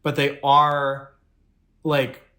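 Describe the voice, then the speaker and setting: A male podcast co-host in casual chat who muses aloud and rambles. He circles his thoughts in loose, unhurried sentences, starting and restarting. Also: mid-range voice, completely flat delivery, pushed and bright. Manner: reflective, rambling, talks in fits and starts.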